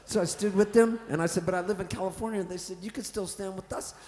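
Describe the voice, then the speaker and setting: A singer-songwriter from Canada telling a rambling, playful, cheerfully profane story to a live audience on a festival stage. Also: male voice, high voice, steady tone, fast, a little mellow. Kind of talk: comic stage storytelling between songs. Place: festival big top tent, live on stage. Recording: roomy reverberant live tent sound.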